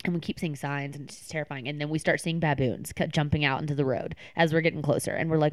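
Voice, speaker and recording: A woman co-hosting a casual chat show, telling an animated travel story in an expressive, quick way. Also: deep voice, no echo, studio quality. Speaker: podcast co-host.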